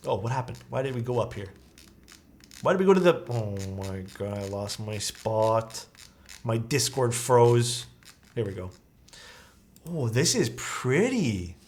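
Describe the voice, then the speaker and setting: A man's voice: mid-range voice, big pitch swings, a little slow, pauses often, darkish tone. A man casually commenting on viewers' keyboard photos during a live stream, easygoing and full of praise. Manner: enthusiastic, easygoing, lots of praise.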